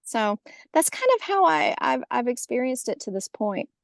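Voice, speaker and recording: A middle-aged woman with a Southern American accent, a podcast guest telling a personal story in casual conversation, lively and acting out the voices she quotes. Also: a little high, normal speed, creaky, dry recording. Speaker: podcast guest, haunted tour organizer.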